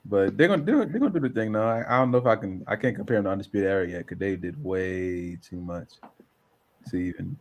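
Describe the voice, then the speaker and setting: Low, gravelly male co-host, animated swearing banter, a faint hiss behind. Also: fast. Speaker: podcast co-host. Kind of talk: casual wrestling podcast chat. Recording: faint background noise.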